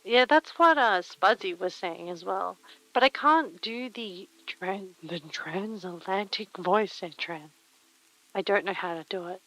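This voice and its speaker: A woman's voice: medium pitch, unhurried, a bit bright, low-quality recording. A woman streamer chatting casually while she crafts, murmuring to herself and reading chat aloud on a very sensitive close mic.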